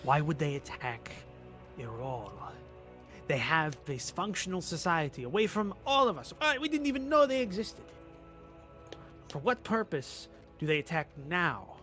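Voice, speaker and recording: Brief: man as a sleep-deprived traveler, frantic and stammering, slightly high, bright voice. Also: soft background music, heavily acted. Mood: urgent. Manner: hurried, stammering, excited.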